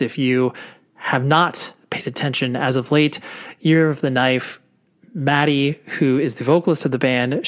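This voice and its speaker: A man hosting a podcast, giving a chatty, upbeat introduction and repeating words for emphasis. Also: medium pitch. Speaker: podcast host.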